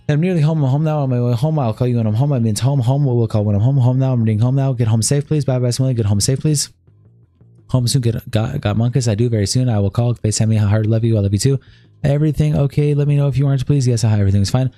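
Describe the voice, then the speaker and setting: A man's voice: medium pitch, warm tone, no echo. A man on a live stream, reading a long document and message screenshots aloud, often stumbling over words and restarting them. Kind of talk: live-stream read-through with commentary.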